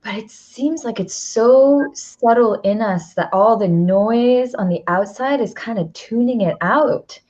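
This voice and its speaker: A woman's voice: on the high side, unhurried, few pauses, a little mellow. Reflective woman host, slightly dull sound. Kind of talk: casual conversation.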